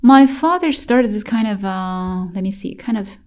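With lively intonation and a darkish, mid-range voice, a woman from China tells interview stories about growing up at a moderate pace. She restarts often, fills in with hesitations, and at times laughs while sharing painful memories.

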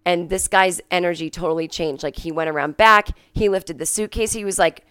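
A sick woman hosting a podcast from home, telling a story in a casual monologue, coughing and clearing her throat, and acting out the people she quotes. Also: lowish voice, fairly quick. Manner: animated, acts out quoted people in a raised voice. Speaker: podcast host.

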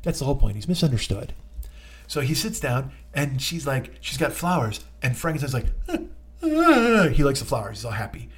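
Animated, profane comic podcast host. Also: male voice, medium pitch, fairly quick, husky. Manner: profane, excitable, acts out voices. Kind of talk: comedic monologue.

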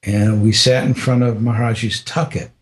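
An older man telling a personal story in an interview, halting with restarts and often dropping to a soft voice. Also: lowish voice, little pitch movement.

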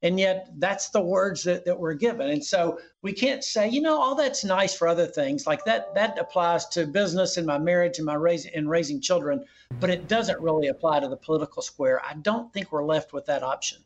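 A man's voice: fairly high pitch, fairly quick. A man who is a former governor, speaking earnestly as a guest in an interview and often restarting his sentences. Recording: dull lo-fi line.

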